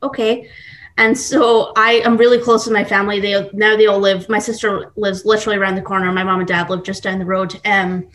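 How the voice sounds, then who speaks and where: A woman's voice: medium pitch, level tone, a little fast, few pauses, fairly bright tone. Chatty Scottish woman, upbeat. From Scotland and Texas. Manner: chatty and upbeat, many fillers. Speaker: guest, baker. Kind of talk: casual podcast interview.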